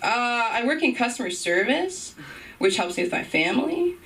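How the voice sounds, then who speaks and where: A young woman doing a rambling stand-up set on a club stage, breaking off into loud impressions. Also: fairly high pitch, very animated, normal speed, distant mic, poor audio. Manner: rambling, self-interrupting, bursts into shouted impressions. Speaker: stand-up comedian.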